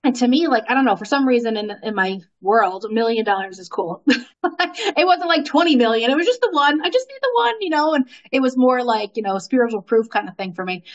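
A woman telling a long story in casual conversation, animated, laughing often and using lots of fillers. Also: on the high side, fairly quick, dull audio. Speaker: guest.

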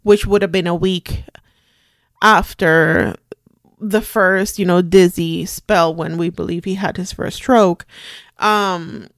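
A woman's voice: on the low side, steady tone, no echo, studio quality. Somber woman telling a personal story. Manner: somber, reflective, halting. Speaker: podcast host.

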